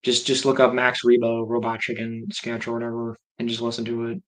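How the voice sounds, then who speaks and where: A man's voice: mid-range voice, monotone, brisk, fairly bright tone, rough recording. A man hosting a livestream, chatting casually and rambling as he reacts aloud to viewer comments. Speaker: livestream host.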